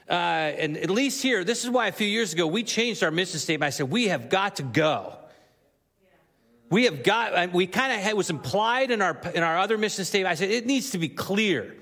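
A male pastor with a high voice preaches earnestly to his congregation, his words growing more emphatic as he presses his point. His voice carries through the long reverb of a church sanctuary. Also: lively intonation, fairly quick, gravelly, a bit bright. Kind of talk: sermon.

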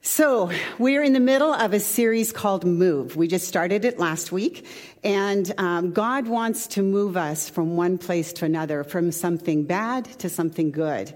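A woman's voice: fairly low pitch, a little slow, darkish tone. Chatty woman preaching in an echoey hall. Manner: conversational, chatty, with asides. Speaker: pastor. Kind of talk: sermon.

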